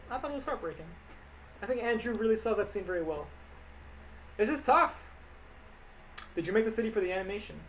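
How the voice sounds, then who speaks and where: A young man rambling casually on a livestream, reading viewer questions aloud and answering them into a desk mic that clips when he gets loud. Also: high voice, slight background noise. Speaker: livestreaming animator.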